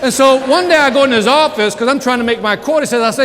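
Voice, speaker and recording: A man's voice: very high-pitched, fast talker. A man giving a live motivational sales keynote, telling stories and working the crowd with call-and-response. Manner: animated storyteller, works the crowd with call-and-response. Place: large event hall with a live audience. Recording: reverberant hall, live audience, faint noise.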